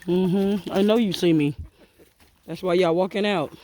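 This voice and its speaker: A backyard chicken keeper chats to the flock in a casual outdoor vlog, teasing the birds playfully. The voice is mellow and warm, sitting at an ordinary middle pitch. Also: steady tone, unhurried, slight background noise.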